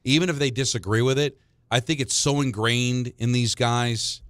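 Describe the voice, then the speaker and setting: A man's voice: medium pitch, normal speed, smooth, no echo, clean studio sound. A man co-hosting sports talk radio, telling stories with lots of restarts and repeated words. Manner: animated storyteller, repeats words when starting.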